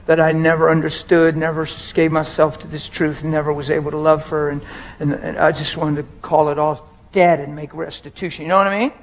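A man's voice: on the high side, level tone, a little fast, low-quality recording. Emotional man preaching a sermon. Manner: emotional, conversational, addresses the crowd directly. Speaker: pastor.

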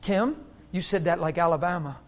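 A man from Pennsylvania preaches a sermon in a high voice. He swings between shouting and hushed near-whispers. He laughs often along the way. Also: normal speed.

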